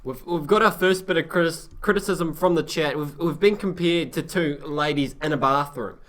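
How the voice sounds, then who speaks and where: A man's voice: a little high, normal speed, fairly bright tone. A man reading out viewer chat with dry, teasing humour during a rugby stream. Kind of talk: casual banter.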